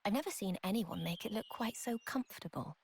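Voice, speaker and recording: An actress with a British accent voicing a wry, gently teasing young woman companion in a video game. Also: mid-range voice, expressive, fairly quick, creaky, slight background noise. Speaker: game character.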